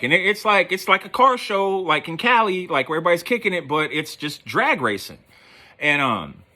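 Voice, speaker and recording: A man's voice: a little high, bright, forceful tone. A man telling a rambling, profane story in a casual storytelling style, with lots of fillers. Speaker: podcast host.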